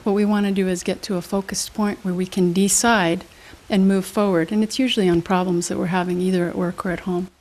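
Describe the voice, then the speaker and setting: A woman's voice: mid-range voice, fairly quick. Brief: middle-aged woman, motivational speaker, upbeat teaching tone, interview guest. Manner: energetic, teaching with examples and questions.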